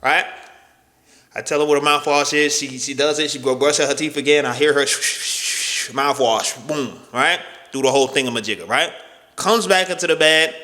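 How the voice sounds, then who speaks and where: A man telling a profane, animated story in a casual storytime monologue, punctuating it with "right?" and "boom.". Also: moderate pace. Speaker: storyteller vlogger. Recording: echoey room with long reverb.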